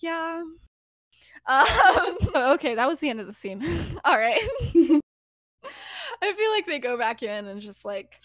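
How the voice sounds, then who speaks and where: A young woman tells a story in a casual chat, rambling and giggly, with fillers everywhere. Her voice sits a little high. The sound is dry and close. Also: fairly bright tone, no room sound. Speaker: podcast co-host telling a fan story.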